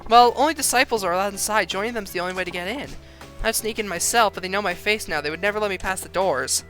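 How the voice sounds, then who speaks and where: A man's voice: high voice, quick pace, pushed and bright, soft background music. A man voicing a worried middle-aged mother who pleads anxiously and earnestly to get her daughter back, reading game dialogue aloud. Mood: desperate.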